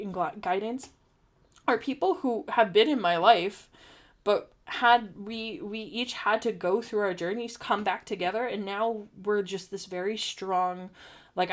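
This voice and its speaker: A young adult woman giving a tarot reading, talking earnestly and encouragingly with many restarts and fillers. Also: mid-range voice. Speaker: tarot reader.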